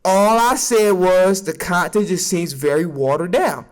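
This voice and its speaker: A young man hosting a comedic sports recap stream, talking in a loud, joking, profane way with sudden jumps in pitch. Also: measured pace, few pauses. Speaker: streamer and sports show host.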